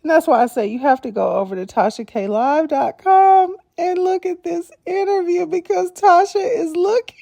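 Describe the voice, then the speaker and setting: A woman's voice: very high-pitched, moderate pace, gravelly, dark tone, dry recording, clean studio sound. A woman hosting a reaction video, talking casually and expressively, with frequent exclamations and laughter.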